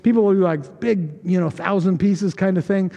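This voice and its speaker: In a church sanctuary, an American male pastor delivers a conversational, joking sermon and acts out quoted voices. His voice sits high and is creaky and warm, at a normal speed. The recording carries the long reverb of a church hall.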